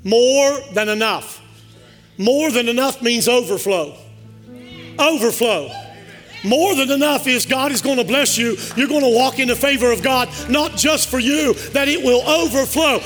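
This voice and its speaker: A male pastor preaching a sermon in a church, leading call-and-response and building up to fervent shouts. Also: extremely high pitch, normal speed, soft background music. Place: church sanctuary.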